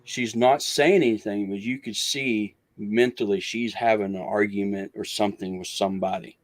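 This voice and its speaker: Low-voiced man telling a long story. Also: fairly even intonation, normal speed. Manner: rambling, restarts, acts out others' words. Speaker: guest researcher. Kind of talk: storytelling in a casual interview.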